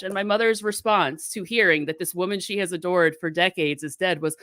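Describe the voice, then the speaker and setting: A woman from Florida telling a family anecdote in a casual talk, animated and acting out the people in it. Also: mid-range voice, a little fast, hardly any pauses, dry recording. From South Florida, US. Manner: animated, acts out voices in her anecdote. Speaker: guest. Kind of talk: casual storytelling.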